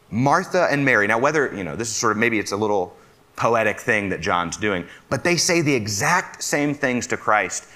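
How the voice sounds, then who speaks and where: Bright-voiced man preaching a sermon. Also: mid-range voice. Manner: asks listeners questions, speaks as a fellow "fixer". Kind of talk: conversational sermon.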